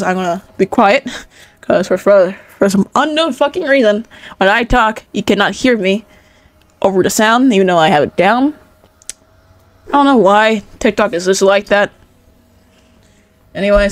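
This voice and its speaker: A woman's voice: medium pitch, dry recording. A young woman hosting her channel, reading fan fiction aloud with casual asides, laughing, swearing and stumbling over words.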